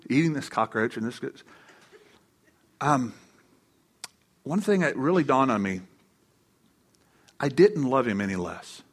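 A middle-aged male pastor preaching to his congregation in a somewhat raised voice. He tells a personal family story with playful humor and lively put-on voices for the people he quotes. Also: a little high, slightly rough. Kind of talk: sermon. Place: church before a live congregation.

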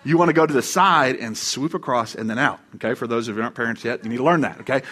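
A man's voice: mid-range voice, racing, a bit bright, slightly rough. A middle-aged man preaching a sermon to a live congregation, telling a personal story with humor and acting out voices when he quotes people. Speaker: pastor. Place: church before a live congregation.

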